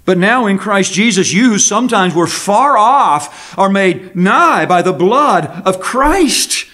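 Slow, high-voiced preaching man. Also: fairly bright tone. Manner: slow, deliberate preaching with emphatic pauses on key words. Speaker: pastor. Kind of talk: sermon. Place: church sanctuary.

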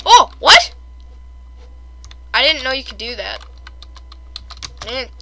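A young woman chatting casually over her own gameplay, excitable and quick to gasp and squeal at her failures. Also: on the high side, very noisy. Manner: excitable, shrieks and gasps at fails. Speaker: gamer.

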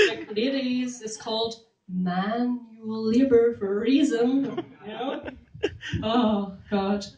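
A young woman doing stand-up in a small club, animated, laughing at her own jokes and whooping. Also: fairly high pitch, a little slow, slight background noise. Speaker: stand-up comedian. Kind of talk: stand-up comedy set. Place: small comedy club room. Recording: echoey room, mic from far off.

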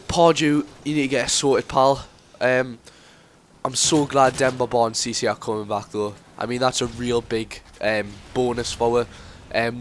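A man's voice: medium pitch, slight background noise. A teenage boy, giving casual game commentary that rambles into sweary rants. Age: teens. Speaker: gameplay commentator.

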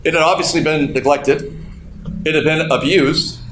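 A man's voice: on the high side, moderate pace, crowd noise. A man preaching a sermon, telling a story with laughs and acted-out quotes as the congregation responds. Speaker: pastor. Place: church hall. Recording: echoey hall with faint room noise.

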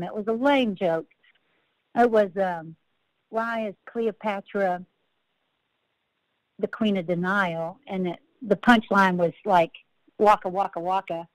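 A woman's voice: a little high, darkish tone, dry recording, poor audio. A woman country singer-songwriter, a podcast guest, telling rambling, self-interrupting stories and laughing at her own tales.

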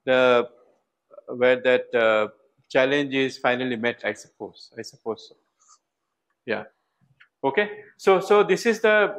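A man's voice: a little high, fairly bright tone, rough recording. A man giving a university lecture, thinking aloud with fillers and restarts. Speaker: professor.

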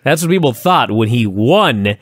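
Lively, profane male podcast co-host. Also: medium pitch, moderate pace, husky, no echo, clean studio sound. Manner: profane, animated, sarcastic. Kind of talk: casual review chat.

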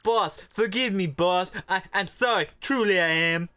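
A man's voice: high-pitched, unhurried, bright, forceful tone, smooth, faint music behind. A man voicing a loyal young mafia henchman, earnest and apologetic, in close to his own voice. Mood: pleading.

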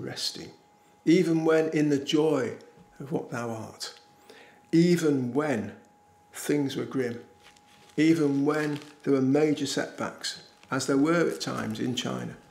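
Gravelly older man preaching in echoey church. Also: mid-range voice, a little slow. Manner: earnest, emphatic, repeats key phrases. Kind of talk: sermon. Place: small village church.

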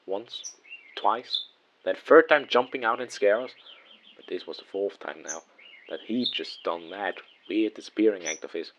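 Male horror storyteller, very low voice, hushed and measured, faint hiss underneath. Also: poor audio. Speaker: narrator. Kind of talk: first-person horror story narration.

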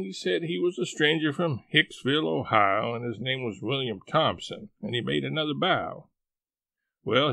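A man reading a novel aloud, telling it in a folksy dialect with lively storytelling. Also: medium pitch, vocal fry, dry recording. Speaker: audiobook reader. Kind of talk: scripted narration of a novel.

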